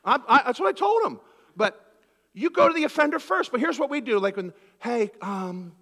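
Male pastor from Philadelphia, high bright voice, lively sermon with acted-out exchanges, long church-hall reverb. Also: a little fast, vocal fry. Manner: animated preaching, acts out conversations.

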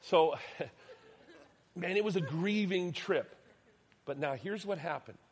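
Middle-aged guy preaching, tells stories, goes loud then real quiet. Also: high-pitched, slow pace, husky. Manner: animated storyteller, swings between loud and hushed. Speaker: pastor. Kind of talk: sermon with personal stories.

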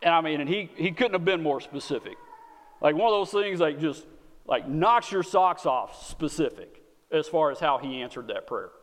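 A man's voice: on the high side, lively intonation, moderate pace. A man with a Texan accent preaching a sermon in a folksy, earnest way, often repeating words as he speaks. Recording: long hall reverb.

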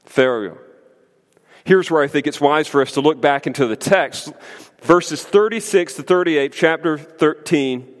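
A man preaching a sermon as pastor, emphatic and conversational, with lively asides to the congregation. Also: on the high side, measured pace. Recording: long hall reverb.

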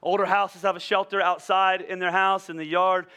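A male pastor delivering a sermon, telling stories in an animated way with many restarts. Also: high voice, normal speed, clear, resonant tone.

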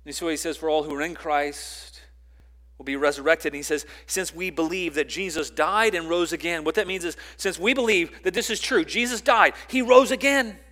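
Man, pastor, sermon, emphatic, swings loud to soft, fairly high voice. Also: moderate pace. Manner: repeats words and restarts phrases.

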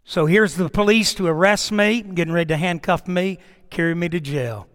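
A man's voice: high voice, normal speed, a bit bright, big-room sound. A middle-aged man, a pastor telling a story in a sermon with emphatic, dramatic delivery.

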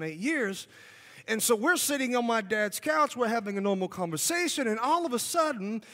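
A man with a very high, bright, lively voice preaches his testimony, swinging from hushed asides to shouted peaks. The sound rings with a long hall reverb. He jokes and storytells as he goes. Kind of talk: sermon testimony.

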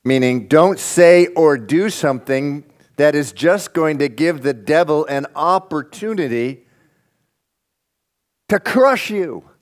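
A man preaching a sermon, reading scripture and swinging between loud emphatic bursts and quiet, intense asides. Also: a little high, expressive, takes it slowly. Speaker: pastor.

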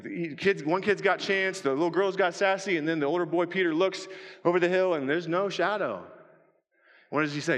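A man preaches in a hall with a long, ringing reverb. His voice sits high and bright, and he tells his story with animated energy, acting out the scenes and pleading loudly. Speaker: pastor. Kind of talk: sermon.

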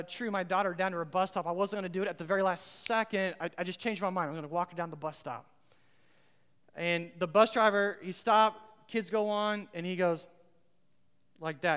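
High-voiced preaching man in a hall. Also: clean tone. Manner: impassioned preaching, swinging from loud to hushed. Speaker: pastor. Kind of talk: sermon. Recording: long reverb of a large hall.

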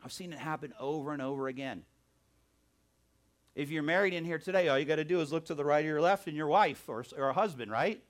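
A male pastor preaching a sermon in church, animated, often calling out "amen?" and "right?". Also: a little high, fast talker.

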